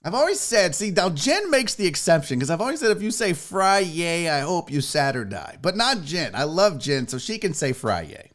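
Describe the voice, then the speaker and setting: A middle-aged man hosting a casual live stream, loud and profane, excitably reading viewer messages aloud. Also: fairly high pitch, normal speed, few pauses. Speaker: show host.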